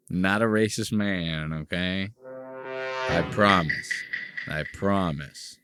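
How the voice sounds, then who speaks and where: A man's voice: low-pitched, bright, forceful tone, no room sound, clean studio sound. A man hosting a casual podcast, talking in a crude, rambling, mocking way. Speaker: podcast host.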